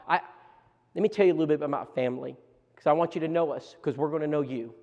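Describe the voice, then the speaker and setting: A man preacher telling lively stories at a church seminar, stumbling over restarts as he talks. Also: fairly high pitch, fast, dull audio. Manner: animated storytelling with many restarts. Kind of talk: storytelling seminar talk. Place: church auditorium. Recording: long church hall reverb.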